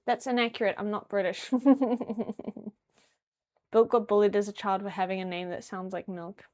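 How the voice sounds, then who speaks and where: A woman's voice: medium pitch, fairly even intonation, normal speed, a little mellow. A young woman streaming casually and chatting in a rambling, joking way while she packs. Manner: rambling, joking, self-deprecating. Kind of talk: casual live-stream chat.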